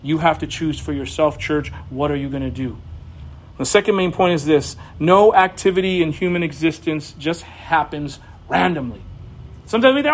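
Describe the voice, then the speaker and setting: A young man delivers a sermon in a very high voice. His preaching is animated and swings between quiet passages and sudden raised bursts. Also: normal speed. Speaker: pastor.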